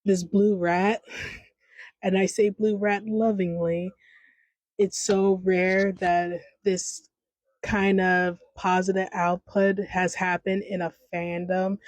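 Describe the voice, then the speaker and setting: A woman's voice: mid-range voice, a little mellow, no echo, rough recording. Rambling woman in her thirties, unscripted. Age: 30s. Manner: rambling, stream-of-consciousness, frequent restarts. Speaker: podcast host. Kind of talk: unscripted casual commentary. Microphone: home microphone.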